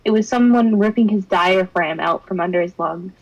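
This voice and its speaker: Brief: young woman, mid-pitched voice, theatrical fan-fiction reading peppered with giggles and asides. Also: normal speed, dull audio. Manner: dramatic reading that breaks into giggles and wry comments. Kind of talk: expressive narration with laughing asides.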